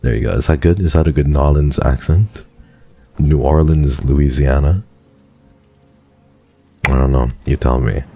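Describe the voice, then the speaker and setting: A man's voice: extremely low pitch, measured pace, long pauses, dark tone, husky, no echo, faint music behind. An American man streaming live, chatting casually with viewers in a dry, sarcastic way. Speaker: livestreamer.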